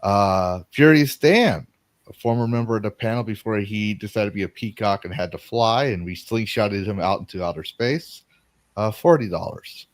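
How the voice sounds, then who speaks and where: A man's voice: on the low side, moderate pace, no echo. A man hosting a casual livestream chat, rambling along and reading out viewer donations between stories. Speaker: stream host.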